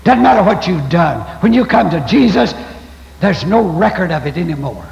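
A man's voice: high voice, big pitch swings, moderate pace, gravelly, darkish tone. An older man preaching a folksy, storytelling sermon as pastor. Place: church sanctuary. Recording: echoey church hall, dull lo-fi 1990s tape.

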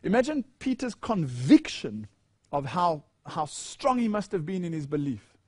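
A male preacher with a high-pitched voice delivers a sermon, reading scripture passages aloud and putting questions to his listeners. The recording is dry and close, with little room sound. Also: very animated, measured pace, no room sound. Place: church.

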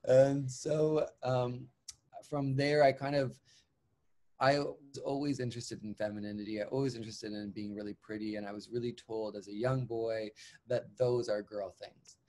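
A man's voice: mid-range voice, level tone, normal speed, dark tone. A man from Canada, a drag clown performer, telling his own story in an interview in an earnest, reflective way with emphatic repeated phrasing. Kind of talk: candid personal storytelling.

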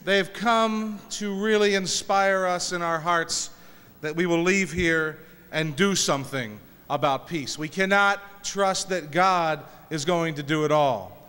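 A man's voice: on the high side, slow pace, bright, forceful tone, smooth. A man giving an inspirational speech with humorous stories to an audience, joking and telling folksy tales in a large hall. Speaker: speaker at a peace concert. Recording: reverberant hall recording.

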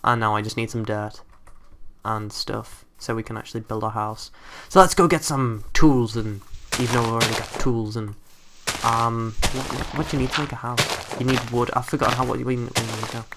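Excitable young man playing a game. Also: medium pitch, moderate pace. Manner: excitable, exclaims often, talks to game creatures. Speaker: gameplay commentator. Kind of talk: casual let's-play commentary. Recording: faint background hiss and typing clicks.

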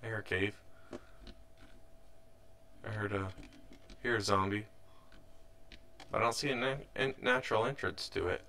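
Bright-voiced young man narrating gameplay. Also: fairly low pitch, a little slow, long pauses. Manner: rambling, self-correcting, mildly frustrated. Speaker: let's play host. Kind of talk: casual gameplay commentary.

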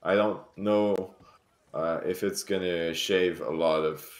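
Slow, low-voiced man running a tabletop game. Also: steady tone, reverberant. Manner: hesitant, many fillers and restarts. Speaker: dungeon master. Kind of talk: narrating a tabletop game and voicing shopkeepers.

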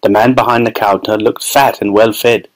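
A man narrating a children's novel as an audiobook in a steady, expressive storytelling voice. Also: fairly low pitch, moderate pace, low-quality recording. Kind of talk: scripted narration.

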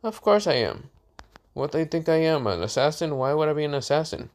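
A man's voice: lowish voice, sing-song, unhurried, vocal fry, heavily acted. A man voicing a bored, rude teenage boy assassin who answers in a dismissive, sarcastic way and swears.

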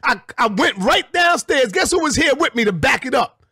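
A middle-aged man with a strikingly high, husky voice tears into a rival in a confrontational vlog rant. His pitch swings wildly as he swears and breaks into shouts. The sound is dry and close, with no room echo. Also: very animated, moderate pace. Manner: confrontational, profane, shouting bursts. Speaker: vlogger. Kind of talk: angry call-out rant.

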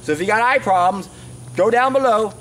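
A man's voice: high voice, brisk, fairly bright tone, recorded from a distance, slight background noise. A man in his sixties speaking in a passionate, rambling vlog monologue with frequent fillers. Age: 60s. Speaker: natural health advocate.

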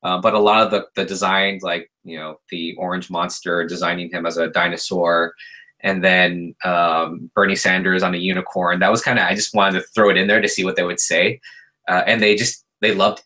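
A man in his thirties, a guest artist on a podcast, telling stories in a relaxed, chatty way with plenty of fillers. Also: deep voice, normal speed, low-quality recording. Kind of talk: casual podcast chat.

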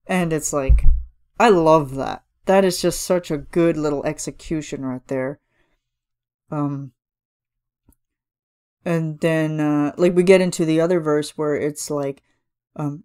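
A woman's voice: low-pitched, fairly even intonation, slow pace, pauses often, warm tone. A woman hosting a casual solo podcast, chatting enthusiastically with lots of fillers and now and then singing lines of lyrics. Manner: chatty, gushing, filler-heavy, sings snippets of lyrics. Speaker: podcast host reviewing a cover song. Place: home room.

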